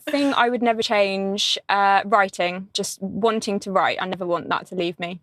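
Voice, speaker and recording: A woman answering interview questions, self-deprecating and quick to giggle. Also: medium pitch, a bit bright, no room sound. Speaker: interview guest, artist.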